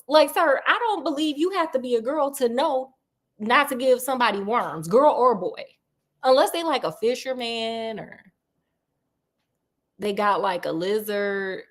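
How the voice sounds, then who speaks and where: A woman's voice: a little high, lively intonation, a little slow. A woman casually retelling a children's story, chatty with sassy asides and frequent laughs. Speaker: storyteller host.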